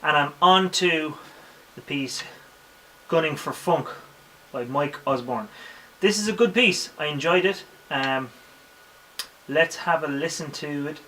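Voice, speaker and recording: A man's voice: on the high side, measured pace, long pauses, slight background noise. A man with an Irish accent teaching drums in a casual spoken tutorial, counting beats aloud between his explanations. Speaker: drum teacher. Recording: drum kit playing loudly behind.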